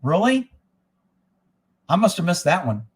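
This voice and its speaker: Male livestream host, slightly raised pitch, swears freely, rambles from one topic to the next. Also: sing-song, a little slow, slightly rough. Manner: profane, rambling, blunt. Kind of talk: casual rambling livestream talk. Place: indoors at a rural home.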